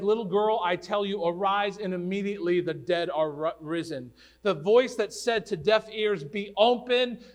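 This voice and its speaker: A man preaching a sermon to his congregation, earnest and building to loud declamation when he quotes commands. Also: high voice. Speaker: pastor.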